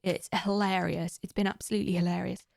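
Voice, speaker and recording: Fairly low and gravelly with a darkish tone, her voice stays level as she talks quickly, captured in clean, echo-free studio sound. She's a game streamer chatting casually and directly with her audience.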